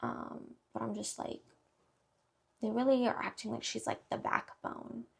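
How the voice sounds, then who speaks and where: A woman's voice: fairly high pitch, flat delivery, unhurried, vocal fry, slightly rough. A woman beauty vlogger in casual get-ready-with-me chat, rambling with lots of fillers while she does her makeup. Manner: rambling, filler-heavy, chatty.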